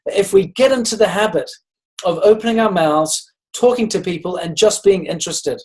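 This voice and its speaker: A man speaks on a leadership call, encouraging his team. He tells stories in a steady, conversational way and often stops to restart his sentences. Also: sits high, moderate pace. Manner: storytelling, encouraging, with frequent restarts. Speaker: network marketing leader. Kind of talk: motivational talk on a group call.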